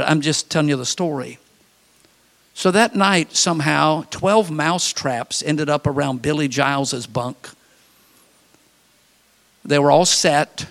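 A man preaching in a loose, humorous storytelling style and confiding in the congregation. His voice is gravelly and sits a bit high. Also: fairly bright tone, long reverb tail. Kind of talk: storytelling sermon.

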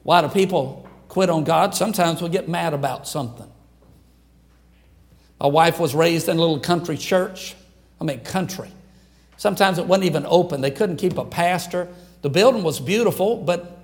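An older man, preaching a folksy sermon and acting out quotes in lively voices. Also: high-pitched, normal speed, pauses often. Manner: folksy, animated storytelling with acted quotes. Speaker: pastor.

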